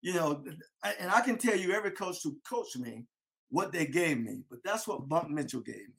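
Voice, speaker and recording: A man telling a lively story about his youth football days, acting out his old coach. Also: a little high, normal speed, creaky. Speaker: former football player. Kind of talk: storytelling interview.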